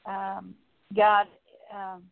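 Woman prayer leader, earnest confessional prayer, gravelly edge, flat delivery, phone-quality sound. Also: mid-range voice, very slow. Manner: earnest, repetitive confessional phrasing with fillers. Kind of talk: spoken prayer. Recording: tinny phone-like audio.

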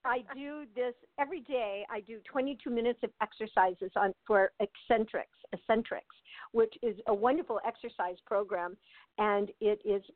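A woman's voice: fairly high pitch, moderate pace, no room sound. Older woman chatting over a phone line. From United States. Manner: chatty, laughs often, many fillers and restarts. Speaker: actress, interview guest. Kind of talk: casual interview chat. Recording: tinny dry phone line.

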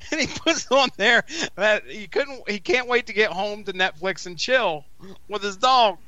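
Male podcast co-host, rambling, swears casually; high, very bright voice, close and dry. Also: expressive, a little slow, no room sound. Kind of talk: casual chat.

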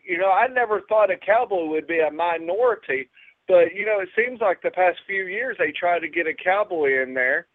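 High-voiced folksy host on a phone line. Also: male voice, animated, moderate pace, no room sound. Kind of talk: casual chat. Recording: dry, phone-like call-in line.

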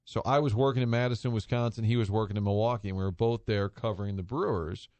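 A man's voice: lowish voice, fairly even intonation, quick pace, a little mellow, dry recording. A man hosting a sports talk radio show, telling a long anecdote in a chatty way and laughing at his own story. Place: radio studio.

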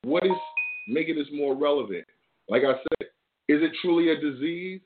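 Guy ranting on his show, swears a lot, kinda high voice, sounds like a phone line. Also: normal speed. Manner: loose slangy talk with heavy swearing. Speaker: show host. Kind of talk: casual rant to camera. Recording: tinny phone-like audio.

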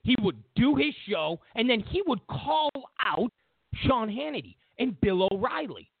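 A man's voice: extremely high pitch, sing-song, a little slow, slightly rough, dry recording. A man hosting a political commentary show, ranting in an incredulous way and repeating himself as he builds his points. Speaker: host. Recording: tinny phone-like dry sound.

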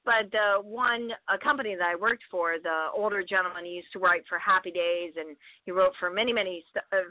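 A woman, a guest actress, telling stories in a casual podcast chat, full of fillers and loud acted-out quotes. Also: on the low side, fairly even intonation, brisk, no room sound. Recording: tinny phone-like line.

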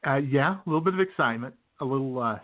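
A man's voice: mid-range voice, lively intonation, rapid-fire. A man hosting a casual talk show, telling an anecdote and chuckling between lines. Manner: laughing through his anecdote, with restarts. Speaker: show host. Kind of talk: casual chat, storytelling. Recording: phone-quality audio.

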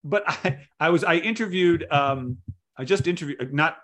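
A man's voice: fairly high pitch, normal speed, a bit bright. A man hosting an interview, chatty and exclaiming, often restarting his sentences. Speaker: podcast host. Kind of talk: casual interview chat.

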